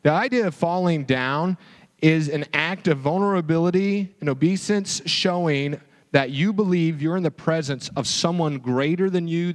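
A man with a high voice delivers a sermon as a pastor. He tells the story in an animated way and keeps asking his listeners rhetorical questions. His voice carries a long reverb, as from a large hall.

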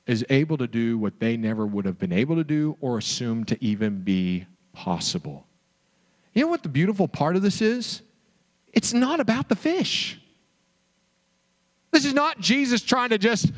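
A man preaching a sermon as a pastor, telling the story in an animated way and asking the listeners rhetorical questions. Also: on the high side, in a large hall.

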